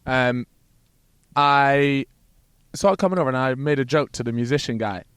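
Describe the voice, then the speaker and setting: Man, casual podcast chat, rambling sweary stories, dry close sound, mid pitch. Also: normal speed, a bit bright, clear, resonant tone, dry recording. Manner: rambling storyteller, swears freely. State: hungover. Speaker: podcast co-host. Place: inside a parked RV.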